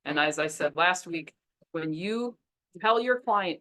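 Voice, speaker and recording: A woman business coach teaching a webinar in a lively, chatty way, laughing often. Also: low-pitched, moderate pace.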